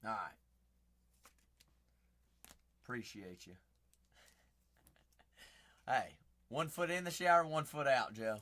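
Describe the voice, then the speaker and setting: A man hosting a live card break, excitable and joking, breaking into sudden shouts, tired after a long stream. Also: medium pitch, takes it slowly, pauses often. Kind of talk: live-stream commentary while opening packs.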